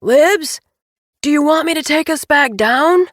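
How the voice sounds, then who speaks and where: A woman voicing a cheerful, eager husband who flies the plane and yells reassurances over the noise. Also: deep voice, animated, slow, dry recording, studio quality, heavily acted. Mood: hollering cheerful. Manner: hollering over engine, upbeat and reassuring.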